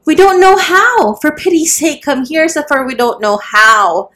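Shrill, panicked village women shriek and plead for help in a storybook, their voices very high and loud, as a woman reading puts them on. They sound close to tears. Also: unhurried.

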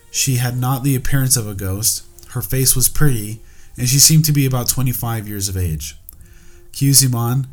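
A man's voice: medium pitch, darkish tone. A man co-hosting a podcast, reading an old ghost story aloud with the odd aside. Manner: reads steadily, with light asides and laughs. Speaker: podcast co-host.

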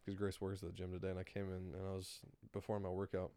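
A man's voice: low-pitched, monotone, quick pace, dark tone, clean tone, dry recording. A young man co-hosting a podcast in casual chat, rambling with lots of fillers and frequent laughs. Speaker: podcast co-host.

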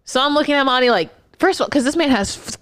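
A woman's voice: sits high, expressive, quick pace, a bit bright. A woman co-hosting a podcast in casual chat, telling a hospital story bluntly with swearing.

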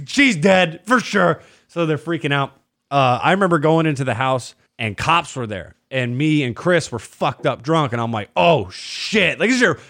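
A man's voice: mid-range voice, no echo, studio quality. A young man hosting a podcast, telling crude stories in casual chat and acting out what people said. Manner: profane, animated, acts out quotes. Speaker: podcast host.

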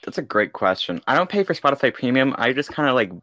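A man's voice: mid-range voice, very animated, quick pace, pushed and bright, no echo. A young man co-hosting a podcast, chatting casually in a goofy, joking way and laughing often. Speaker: podcast co-host. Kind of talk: casual chat.

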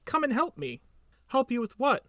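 A man voicing a tiny, timid, excitable young male piglet in a storybook reading, squeaky and eager. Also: normal speed, no room sound, studio quality, heavily acted.

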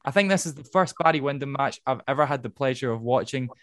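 A man hosting a casual podcast, recapping with wry asides and quick laughs. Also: medium pitch, expressive, fairly bright tone. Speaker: podcast host.

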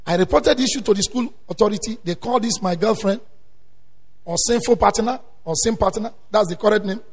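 A male preacher delivering a sermon, swinging between quiet storytelling and loud emphatic exhortation. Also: high voice, fairly quick, slightly rough. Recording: long hall reverb.

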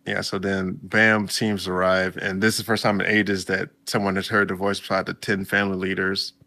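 Low gravelly man recapping casually. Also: little pitch movement, normal speed, bright, forceful tone. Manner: laid-back, chatty, reacts with exclamations. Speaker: video host recapping a story. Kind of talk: casual story recap with reactions.

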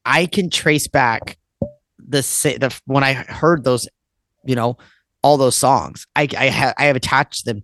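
Speaking a little slowly, a man in his thirties drifts from one memory to another on a casual podcast, peppering his talk with swearing and "like." His medium-pitched voice is a bit bright. The recording is dry and close, free of room sound.

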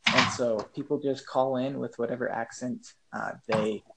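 A man chatting as a guest on a podcast, hesitant and filling pauses with ums. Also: mid-range voice, fairly even intonation, vocal fry, a crowd in the background. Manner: hesitant, lots of ums, laughs easily. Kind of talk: casual chat.

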